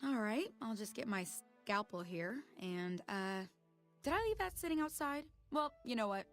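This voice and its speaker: An actress playing a careless, wisecracking frontier doctor in a video game. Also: female voice, a little high, animated, normal speed, a bit bright, faint music behind. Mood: breezy.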